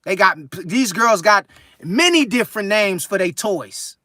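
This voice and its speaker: Male live-stream host, California accent, bright edgy tone, dry close sound, casual and profane. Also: sits high, measured pace, no echo. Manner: loose, profane, animated storytelling with laughs. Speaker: livestream host reading chat.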